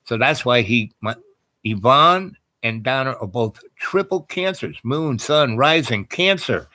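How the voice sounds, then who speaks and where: A man tells a long personal story in an easygoing, meandering way. He keeps circling back with restarts and filler words, his voice at an ordinary middle pitch. The recording is close and dry, with no room sound. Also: expressive, unhurried, pushed and bright, no room sound. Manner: rambling, digressive, many fillers and restarts.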